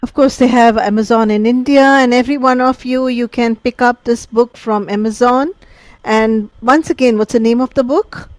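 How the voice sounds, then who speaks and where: A woman's voice: fairly high pitch, fairly even intonation, moderate pace, no echo. Woman host asking questions, dry sound. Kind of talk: interview hosting.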